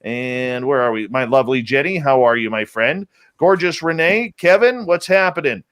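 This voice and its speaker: A male show host greeting viewers by name in an upbeat, playful way and jumping up in pitch on names. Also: animated, moderate pace, fairly bright tone, smooth. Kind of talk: livestream show opener, greeting chat viewers.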